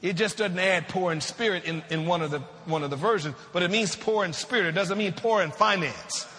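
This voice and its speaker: A man preaching a sermon, asking the congregation questions and slowing down to draw out scripture verses. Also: high-pitched, pushed and bright, big-room sound. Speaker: pastor.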